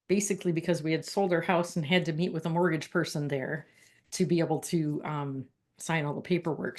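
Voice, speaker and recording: A woman telling a personal story in a casual, earnest and reflective way, halting and restarting as she goes. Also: lowish voice.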